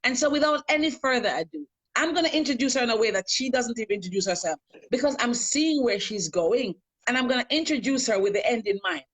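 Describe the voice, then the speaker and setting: A woman's voice: on the high side, quick pace, fairly bright tone, slightly rough. Brief: woman life coach, earnest and emphatic, hosting a live stream from home.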